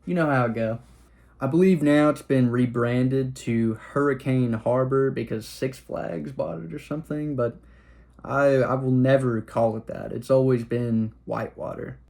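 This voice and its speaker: A young man from Oklahoma City rambles through a personal story, poking fun at himself. His voice sits at an ordinary middle pitch, and now and then he rushes ahead in quick bursts. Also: creaky, darkish tone. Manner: rambling, self-deprecating humor with sudden fast bursts. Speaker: podcast host. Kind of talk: casual storytelling monologue.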